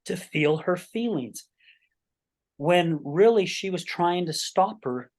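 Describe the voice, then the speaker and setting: A man's voice: sits high, animated, slow pace, a little mellow. A man in his sixties hosting a podcast interview, telling stories earnestly in casual chat, with frequent restarts and checking in with "right?". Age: 60s. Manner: earnest storytelling with many repeated starts and "right?". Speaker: podcast host.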